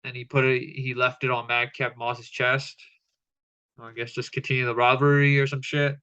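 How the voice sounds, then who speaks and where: Bright, smooth-voiced man, casual and profane. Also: mid-range voice, flat delivery, moderate pace, lo-fi sound. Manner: casual, profane, filler-heavy. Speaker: wrestling show reviewer. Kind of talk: casual recap monologue.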